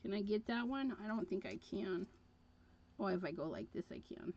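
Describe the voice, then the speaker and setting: Over dull, lo-fi livestream audio, a woman makes casual conversation as she crafts, rambling and leaning on fillers. Her medium-pitched voice is a little mellow, with lively intonation and normal speed.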